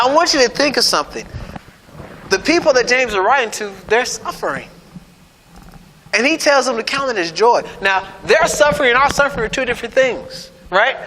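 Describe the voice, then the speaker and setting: High-voiced man preaching in a reverberant hall. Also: sharp tone. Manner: conversational preaching, keeps asking "right?"; playful, sarcastic asides. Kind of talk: sermon. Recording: noisy hall with long reverb.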